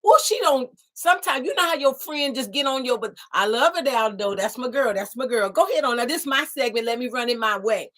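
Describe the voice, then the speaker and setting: A woman's voice: a little high, fairly quick, hardly any pauses, a bit bright. A woman voicing a sassy, folksy female design assistant who chats with a bubbly, teasing manner and plenty of slang. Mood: playful. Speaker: show's alter ego design assistant. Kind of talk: chatty talk-show segment in character.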